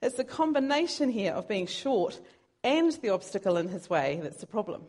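Medium in pitch, a little mellow, and sing-song at a moderate pace, a woman's voice carries this sermon. She speaks earnestly and conversationally, at times teasing herself.

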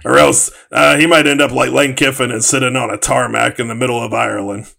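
A man's voice: medium pitch, flat delivery, brisk, creaky, pushed and bright. A man co-hosting a casual sports podcast, joking and spinning tall comic scenarios. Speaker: podcast co-host.

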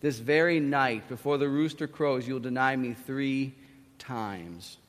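A preacher doing a calm, measured teacher. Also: male voice, mid-range voice, pitched below the performer's own voice, lightly acted. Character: calm authoritative teacher, adult man. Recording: long hall reverb.

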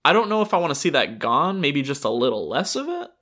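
A man with a bright, forceful tone co-hosts a casual podcast chat. He thinks aloud as he talks, with relaxed, loosely built sentences. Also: on the high side, quick pace. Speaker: podcast co-host. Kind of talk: casual chat about video games.

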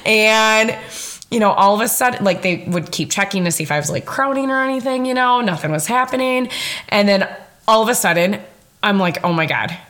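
A woman's voice: medium pitch, lively intonation, fairly quick, a bit bright. A young woman hosting a podcast and telling a personal story in a chatty, emphatic way, laughing often and swearing casually. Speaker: podcast host.

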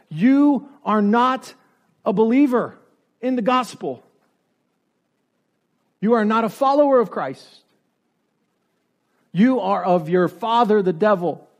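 A man's voice: high voice, a little mellow. A man preaching a sermon, driving his points home with repeated rhetorical questions and building to emphatic peaks.

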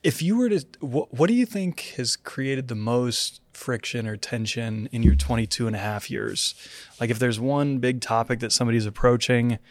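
A man's voice: mid-range voice, lively intonation, moderate pace, no echo. A young adult man hosting a casual church interview, joking easily and then reading a church promo. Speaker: interview host.

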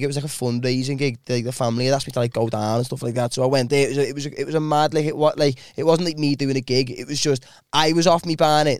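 A man's voice: mid-range voice, no echo, studio quality. A man in his twenties with a Liverpool accent, telling rambling stories and acting out voices in a casual podcast chat. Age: 20s. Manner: rambling, animated storyteller, acts out voices, laughs often. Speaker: podcast host.

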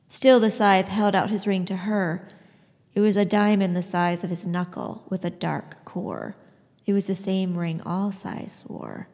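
A woman's voice: mid-range voice, normal speed, darkish tone. A woman hosting a book podcast who tells and reads a story expressively. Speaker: podcast host. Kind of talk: book review and reading aloud. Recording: long hall reverb.

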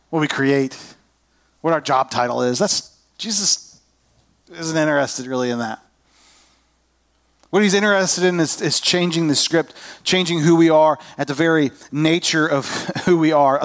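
A pastor preaching in a relaxed, conversational way. His voice sits a little high for a man, and he slips into other people's inner voices as he talks. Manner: conversational, self-deprecating, acts out inner voices. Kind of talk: sermon.

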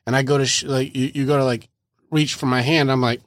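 A man hosts a podcast interview in a medium-pitched, steady voice, speaking fairly quickly and casually with lots of animation. He acts out little quoted exchanges in playful voices, and the recording is dry with clean studio sound.

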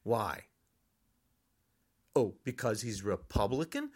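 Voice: medium pitch, very animated, slow pace. Older podcaster, fired-up frustrated rant, voice swooping up and down. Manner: frustrated, angry ranting. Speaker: podcast host.

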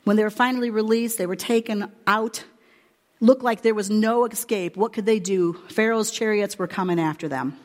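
A woman's voice: medium pitch, moderate pace, big-room sound. A woman preacher giving a conversational, emphatic sermon retelling Bible stories.

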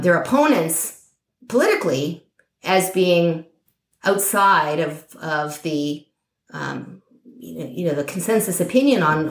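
Echoey, hesitant woman discussing politics. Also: fairly low pitch. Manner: thoughtful, hesitant, many fillers and restarts. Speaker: podcast guest. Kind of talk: political conversation.

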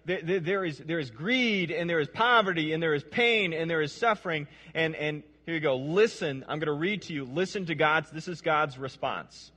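A man's voice: a little high, a little fast, hardly any pauses, sharp tone, slightly rough, long reverb tail. A man preaching a sermon, reading scripture aloud and putting questions to his listeners, often repeating words as he goes. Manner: earnest, repeats words, asks the audience questions.

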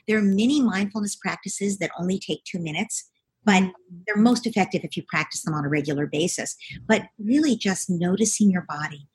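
A middle-aged woman giving parenting advice in a calm, coaching way. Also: on the low side, breathy edge. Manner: calm, coaching, acts out parent and child lines. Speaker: parenting expert guest. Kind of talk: conversational advice.

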